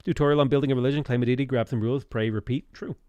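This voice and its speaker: Irish male streamer, easygoing, answers chat between turns; middle pitch, no room sound. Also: fairly even intonation, rapid-fire, dark tone, no echo, highs cut off. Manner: rambling, reads out and answers chat questions. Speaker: game streamer. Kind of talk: casual live-stream chat.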